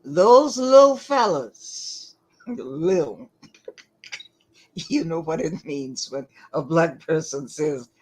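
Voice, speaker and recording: Woman talking slow, lecture-ish commentary, emphatic, keeps asking "right?". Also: sits low, a little mellow, slight background noise, poor audio. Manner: deliberate, emphatic, asks rhetorical questions.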